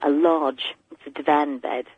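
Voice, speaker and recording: A woman's voice: low-pitched, steady tone, unhurried, husky. A woman calling a radio show, chatting away with plenty of restarts, heard over a muffled phone line. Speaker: caller.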